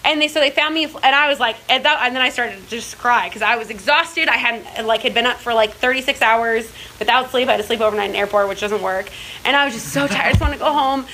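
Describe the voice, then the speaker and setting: A woman's voice: on the high side, fast, pushed and bright, slight background noise, rough recording. A young woman telling personal stories in a casual faith talk, chatty and full of filler words and restarts. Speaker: speaker in a church series.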